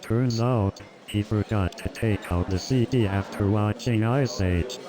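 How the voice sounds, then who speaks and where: A man's voice: fairly low pitch, a little slow. A synthetic man's voice telling a stand-up comedy routine, rattling off one-liners with chuckles. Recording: loud crowd and music behind.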